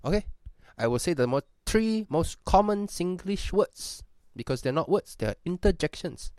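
Here a man with a high, slightly mellow voice and lively intonation does an accent tag, faking a Singaporean English accent at a moderate pace. He goes through the prompts casually, swearing playfully and adding joking asides; the tone is clean with no room sound.

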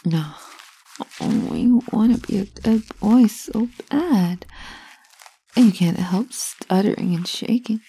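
A woman in a whispered role-play, speaking in a teasing, commanding way with a breathy whisper. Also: medium pitch, takes it slowly, mellow.

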